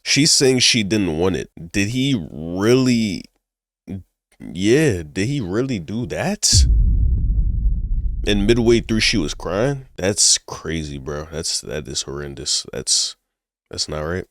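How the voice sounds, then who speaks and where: Deep-voiced man reacting in disbelief. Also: very animated, slow, a bit bright, dry recording, studio quality. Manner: incredulous, rhetorical questions, says "bro" a lot. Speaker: reaction commentator. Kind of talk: casual reaction commentary.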